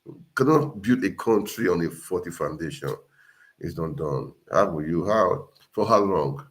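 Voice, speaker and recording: A man's voice: deep voice, expressive, a little slow. A man hosting a casual livestream, talking earnestly and repeating himself as he urges viewers on. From Nigeria. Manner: earnest, repetitive, exhorting. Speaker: livestream host.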